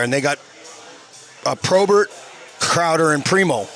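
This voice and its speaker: Brief: ex-player in his fifties, salty storyteller, bright forceful voice, sits a bit high. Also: moderate pace, soft background music. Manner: animated, swears a lot, acts out quotes. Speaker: former hockey player, guest. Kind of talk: profane storytelling in a casual interview. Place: bar.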